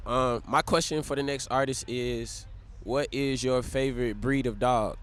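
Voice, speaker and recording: Guy sharing a secret, excited, mid voice. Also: medium pitch, measured pace, smooth. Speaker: musician. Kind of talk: casual festival Q&A.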